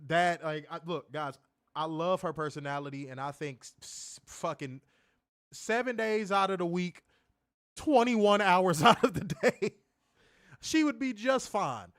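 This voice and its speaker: A man co-hosting a casual streamed chat, telling stories in an animated, profane way with loud bursts. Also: sits high, measured pace, no echo. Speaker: co-host of a wrestling review show.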